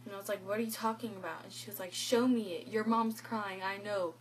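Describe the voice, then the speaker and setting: A woman's voice: medium pitch, fast, rough recording. A teenage girl telling her own story as a vlogger, retelling conversations with lots of "like" and quoted lines. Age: teens. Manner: animated retelling with quoted dialogue, filler "like". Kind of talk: personal storytelling.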